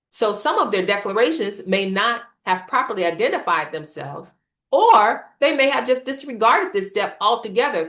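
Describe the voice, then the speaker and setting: A woman presenting a scripted political lecture in a measured, emphatic reading style. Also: medium pitch, pushed and bright. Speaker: series presenter.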